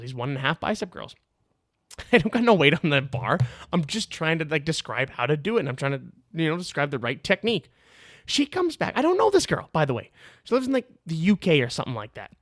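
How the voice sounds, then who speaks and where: A man hosting a solo podcast in a loose, energetic storytelling way, cursing freely and chuckling along. His voice sits a little high for a man. The sound is dry and close, with no room echo. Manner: animated, swears freely, laughs through his story. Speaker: podcast host. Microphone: video camera on a tripod.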